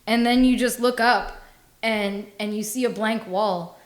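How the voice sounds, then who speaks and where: A woman's voice: on the high side, normal speed. Woman, forties, podcast co-host, casual comedic chat, self-mocking, frequent laughter. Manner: self-deprecating, laughs often, animated storytelling.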